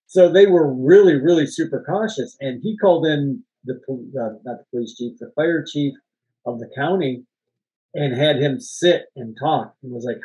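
Heard through a rough recording, a man with a somewhat high, slightly mellow voice speaks at a measured pace. Co-hosting a relaxed film podcast, he spins rambling behind-the-scenes tales, often laughing and sometimes swearing.

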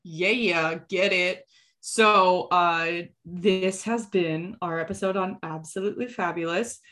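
A woman co-hosting a podcast in casual chat, animated and quick to slip into playful impressions. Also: lowish voice. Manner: animated, often slips into a posh drawling impression. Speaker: podcast co-host.

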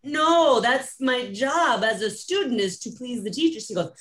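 A woman's voice: on the high side, lively intonation, moderate pace, few pauses, a bit bright. A woman hosting a podcast, telling stories casually, laughing often and acting out the voices she quotes. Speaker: podcast host. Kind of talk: casual conversational storytelling.

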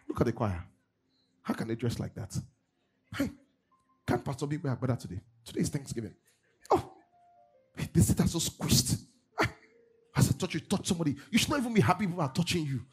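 Pastor guy preaching, husky, bit high, soft music behind. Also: fast talker. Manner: animated, swings from loud bursts to low asides. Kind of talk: sermon. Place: church service.

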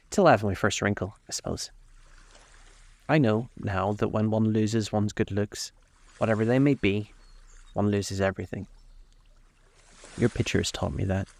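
Man doing anguished vain young man, storybook reading, pleading, raised gravelly voice. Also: fairly low pitch, darkish tone, no room sound. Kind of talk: audiobook character voice.

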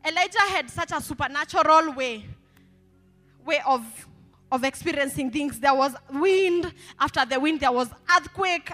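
A woman pastor preaches with high, bright energy, prompting the congregation to answer her. Her voice rings through a reverberant church hall with faint music underneath. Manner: animated, call-and-response with the congregation. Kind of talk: sermon.

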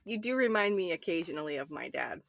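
A woman's voice: on the low side, expressive, quick pace, creaky, no room sound. A woman co-hosting a casual morning chat show, teasing her partner and laughing easily. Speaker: co-host.

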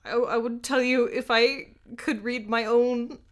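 Giggly high-voiced woman. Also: fairly even intonation, unhurried. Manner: giggly, chimes in with short remarks. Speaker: podcast co-host. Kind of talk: casual chat.

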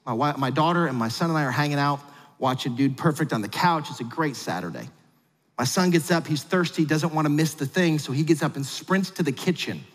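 A man preaching a sermon, telling a family story with jokes and big swings between quiet and loud. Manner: animated storyteller with big swings in pitch and loudness; humorous asides. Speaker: pastor. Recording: long hall reverb.

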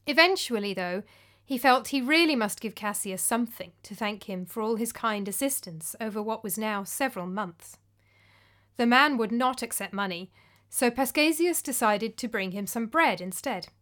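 Calm woman narrating a story. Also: a little high, normal speed.

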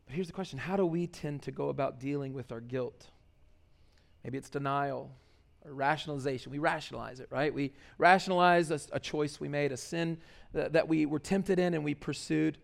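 A man's voice: on the high side, a little fast, creaky. A man preaching a sermon in a loose, conversational way, full of fillers and restarts. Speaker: pastor.

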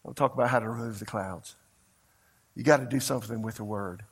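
A man's voice: lowish voice, fairly quick, husky. A man preaching a sermon, telling a story in a fervent, conversational way and speaking straight to the congregation. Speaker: pastor.

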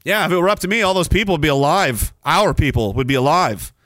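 Man, Canadian, podcast host, angry sarcastic rant, high bright voice. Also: lively intonation, quick pace, no room sound, studio quality. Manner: angry, sarcastic, mocking imitations. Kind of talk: ranting solo commentary.

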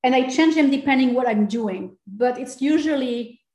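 French-accented woman guest, fairly high voice, lively and laughing, roomy echo. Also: moderate pace. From Corsica, France. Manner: animated, laughs often, acts out quotes. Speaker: fitness coach, guest. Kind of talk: casual interview chat.

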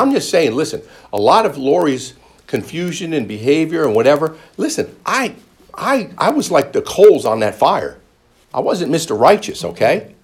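A man gives a testimony sermon in a husky, slightly high voice that swings widely in pitch. He jokes with the congregation and keeps switching into animated quoted voices. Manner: joking with the congregation. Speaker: preacher.

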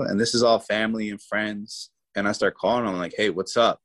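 Male interview guest, lowish voice, lively storyteller. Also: fairly quick, rough recording. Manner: animated storyteller, voices people in his story.

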